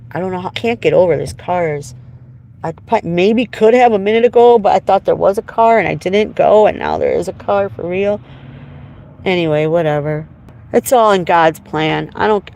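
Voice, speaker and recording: A woman's voice: on the low side, gravelly, a little mellow, poor audio. A woman venting in an emotional, profane, rambling livestream monologue while driving. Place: inside a car, driving. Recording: car noise behind. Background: road and car noise.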